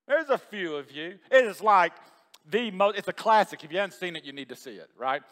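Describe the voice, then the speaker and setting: A high-pitched pastor with lively intonation and a fairly bright tone preaches fairly quickly to his congregation. The church hall gives a big-room sound, and his chatty sermon is peppered with questions to the room.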